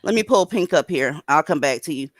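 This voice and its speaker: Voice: mid-range voice, animated, fairly quick, no room sound. A blunt livestream host runs a casual call-in chat and drops sarcastic remarks between callers. The sound is dry and close, with a mid-range voice.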